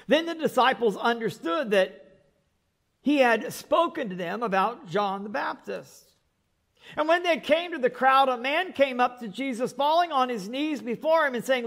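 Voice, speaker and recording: High voiced pastor guy preaching, animated, lots of restarts and little jokes. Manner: animated, repeats words, joking asides. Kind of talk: sermon.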